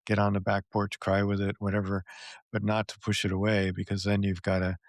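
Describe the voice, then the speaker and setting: A man's voice: lowish voice, monotone, brisk, dry recording, studio quality. A man hosting a casual conversation, speaking in an earnest, reflective way. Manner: reflective, earnest, many fillers. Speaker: podcast host.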